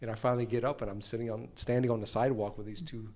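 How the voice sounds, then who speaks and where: An American musician being interviewed, telling stories in a casual, animated way and acting out other people's lines. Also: male voice, medium pitch, rapid-fire. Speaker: musician guest.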